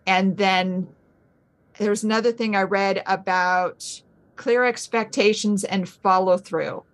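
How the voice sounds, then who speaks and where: Middle-aged mother as an interview guest, mid pitch, animated and casual. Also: slow pace. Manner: animated storytelling, acts out her own past thoughts. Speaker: podcast guest, homeschooling mother. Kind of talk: casual conversational chat.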